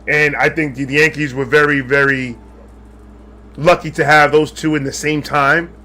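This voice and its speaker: A man's voice: fairly high pitch, steady tone, normal speed, pushed and bright. A man co-hosting a podcast, chatting casually about sports in a joking, profane, slangy way. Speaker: podcast co-host. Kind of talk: casual chat.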